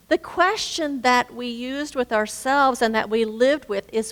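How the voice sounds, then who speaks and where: A woman minister giving a gentle, reflective sermon, slowing down to stress key words. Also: fairly high pitch. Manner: gentle, reflective, with slow emphatic phrasing. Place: spiritual center sanctuary. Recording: reverberant hall.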